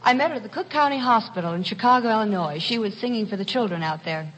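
A woman's voice: fairly high pitch, lively intonation, fast, a bit bright, in a large hall, rough recording. A woman guest on a live show, answering shyly with short giggly replies. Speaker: talent scout guest.

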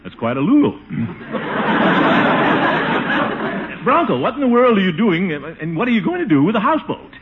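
A blustery middle-aged bachelor uncle in an old radio comedy, hearty and pompous, his voice swooping wildly up and down. The recording is dull and muffled with a clear hiss underneath. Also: sits high, very animated, quick pace. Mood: jovial. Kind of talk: 1940s radio acting.

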